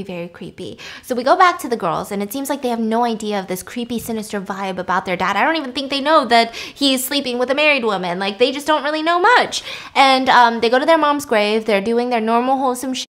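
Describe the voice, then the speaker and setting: A young woman hosting a casual movie recap, chatty and animated, swearing freely and saying "like" a lot. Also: a little high, a little fast, few pauses. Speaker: YouTuber host.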